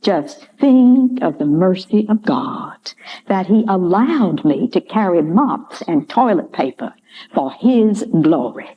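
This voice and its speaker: A woman voicing a gentle, humble elderly Southern lady with a Georgia drawl and a high, breathy, fluttering voice. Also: lively intonation, slow pace, a little hiss or hum. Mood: gentle, wistful. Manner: soft and wistful. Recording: dull lo-fi recording.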